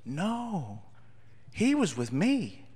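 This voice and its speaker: A man voicing a kind, gentle female schoolteacher who never raises her voice. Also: fairly low pitch, huge pitch swings, extremely slow, breathy edge, in a large hall, pitched above the performer's own voice, exaggerated voice. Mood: puzzled. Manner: soft and pleading.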